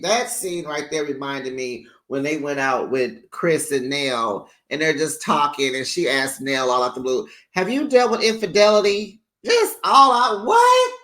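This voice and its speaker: Chatty, opinionated recap host. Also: fairly bright tone. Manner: chatty and opinionated, big playful jumps in pitch; talks straight to viewers as "besties". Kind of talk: casual chat recapping a reality TV episode.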